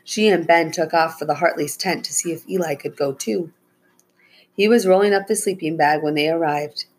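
Low husky woman reading a storybook. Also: normal speed, low-quality recording. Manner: raises her pitch for the children's lines, soft and low on tags. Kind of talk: read-aloud children's story narration.

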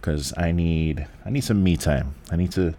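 Deep and mellow, his voice holds a moderate pace as he talks. He's a Bronx native in his forties hosting a laid-back solo podcast from home, candid, rambling and profane, full of restarts.

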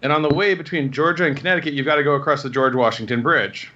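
A man in his thirties rattles off anecdotes with lively, rambling energy and acts out the people in them. His voice is bright and a little high. The recording sounds dull and lo-fi. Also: quick pace, slight background noise. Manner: rambling, animated anecdotes with acted quotes. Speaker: guest telling stories. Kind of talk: casual storytelling.

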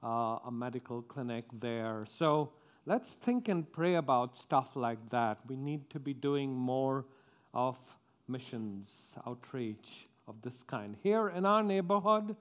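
A man making church announcements as pastor, speaking haltingly with frequent restarts and pauses. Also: medium pitch, expressive, smooth.

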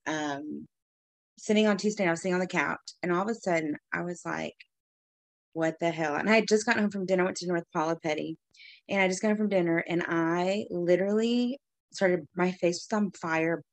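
A woman from Texas, co-hosting a podcast in casual chat, rambling through stories and clearing her allergy-irritated throat often. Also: on the low side, normal speed, no echo. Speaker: podcast co-host.

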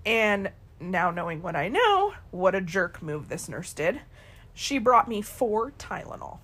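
Husky-voiced woman telling a family story. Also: medium pitch, measured pace. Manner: lively storyteller who acts out quoted people. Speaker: podcast co-host. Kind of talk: casual storytelling to her daughter.

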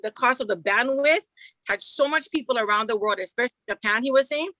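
Woman, middle-aged, bright, slightly high, dry close sound, animated storyteller. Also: brisk, no room sound. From Hawaii. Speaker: radio morning show host, guest. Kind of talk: casual storytelling chat.

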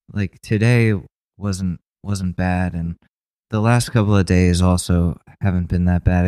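Very deep, dark-voiced young man. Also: no echo. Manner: subdued, halting, with repeated restarts. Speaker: podcast co-host. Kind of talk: casual chat.

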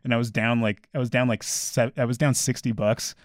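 A man tells a rambling story in casual chat, his words tumbling out fast. He fills it with "like" and side remarks. The sound is dry and close, with no room echo. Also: medium pitch, little pitch movement. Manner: rambling anecdote with lots of "like" and laughs.

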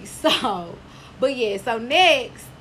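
A woman with a high voice co-hosts a casual chat, crude and outspoken, hammering her points home. A faint hiss runs under the recording. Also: lively intonation, drawn-out words, fairly bright tone. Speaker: podcast co-host.

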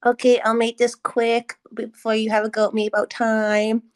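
A woman's voice: on the high side, monotone, moderate pace, smooth. A woman guest on a podcast, teasing and affectionate toward the others. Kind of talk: casual chat.

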